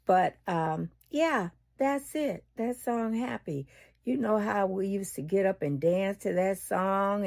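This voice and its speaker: A cheerful woman giving a short casual segment, speaking unhurriedly with soft asides. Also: mid-range voice, vocal fry. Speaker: guest segment host. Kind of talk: casual spoken message.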